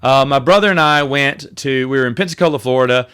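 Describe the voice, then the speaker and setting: A man's voice: mid-range voice, fast, a bit bright, clear, resonant tone. A man hosting a podcast, telling rambling, self-correcting stories in a casual monologue. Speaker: podcast host.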